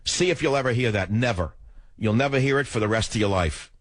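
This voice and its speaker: An older man hosts a political talk radio show from a studio, speaking a little fast into a studio mic with no room sound. His monologue is emotional and emphatic, swinging between loud and low.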